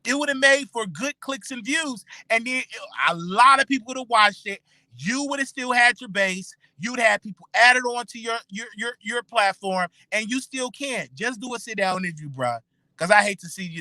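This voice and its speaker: A man hosts his own show with a high-sitting voice and a sharp tone, recorded with no echo. He chats casually and directly with his listeners in a running commentary, repeating himself and stammering through frequent restarts.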